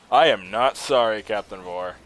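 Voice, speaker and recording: A young man giving casual, excitable commentary while playing a video game, laughing often and swearing now and then. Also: fairly low pitch. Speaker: gaming streamer.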